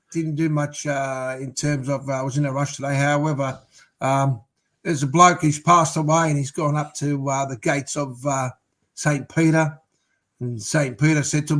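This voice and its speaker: A man's voice: a little high, fairly even intonation, moderate pace, fairly bright tone. A man co-hosting a football podcast, telling jokes in a hesitant way with many fillers. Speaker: podcast co-host. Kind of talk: casual footy podcast banter.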